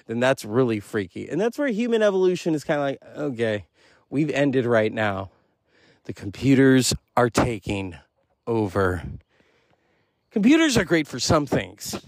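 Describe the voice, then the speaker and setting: A man's voice: mid-range voice, darkish tone, dry recording, studio quality. A man hosting a solo podcast, rambling through a casual monologue with self-amused, profane asides. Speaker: podcast host.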